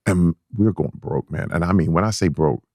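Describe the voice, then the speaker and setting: A man with a notably low, deep voice tells a personal story as a podcast guest, animated and emphatic, often repeating himself and restarting mid-thought. The sound is close and dry, with no room echo. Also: a little fast, vocal fry. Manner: animated, acts out his own past voice in a squeaky high pitch; emphatic, repeats words and restarts when excited. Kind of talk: candid storytelling conversation.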